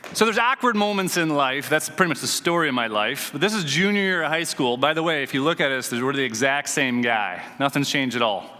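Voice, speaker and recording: Guy on a conference stage, bright forceful voice, big hall reverb, jokes about himself and asks the crowd stuff. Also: a little high. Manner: storytelling, self-deprecating, quizzes the audience. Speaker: conference speaker, chiropractor. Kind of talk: motivational stage talk. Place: conference stage before a live audience.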